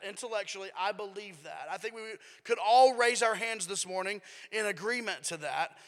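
A man pastor preaching a sermon in a church, emphatic and dropping to a hush at times. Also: sits high, big-room sound. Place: church sanctuary.

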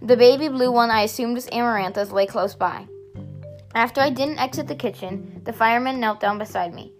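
A woman narrating a first-person story aloud in a steady, softly expressive reading. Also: a little high, a little fast, faint music behind.

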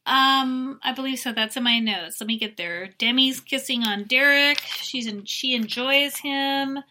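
A woman's voice: high voice, unhurried, bright, forceful tone. A middle-aged woman co-hosting a podcast, chatting casually and giving opinionated recaps read from her notes. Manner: chatty, opinionated, reads from notes, bursts into dramatic impressions. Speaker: podcast co-host recapping a reality show. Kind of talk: casual chat.

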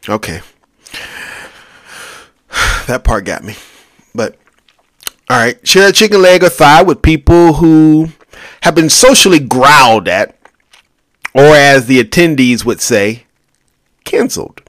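A man's voice: mid-range voice, lively intonation, slow, long pauses, fairly bright tone, no room sound, studio quality. A man hosting a solo podcast, rambling casually with crude jokes and asides to himself. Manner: rambling, jokey, crude asides, talks to himself while scrolling. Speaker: podcast host.

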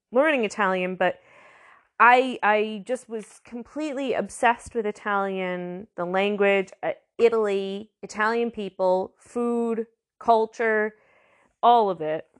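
A woman giving a casual, rambling language lesson, full of fillers and restarts. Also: a little high. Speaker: language tutor.

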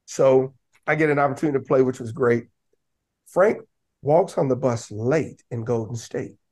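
A man talking casually as a podcast guest, telling lively stories and breaking into raised voices to act out what others said. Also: medium pitch, normal speed. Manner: animated, laughing, acts out quotes in raised voice. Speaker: podcast guest, basketball coach. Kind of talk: casual storytelling.

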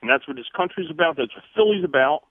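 A man's voice: on the high side, lively intonation, fast talker, slightly rough, dry recording. A man calling in to a radio show, emotional and choked up, repeating himself as he talks. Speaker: caller. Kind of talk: phone call to a sports radio show. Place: on the phone. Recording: tinny phone line.

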